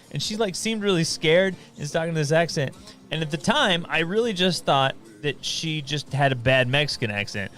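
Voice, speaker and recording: A man co-hosting a casual talk show, telling an animated story full of quick asides. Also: on the high side, faint music behind. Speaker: podcast co-host. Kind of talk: casual chat.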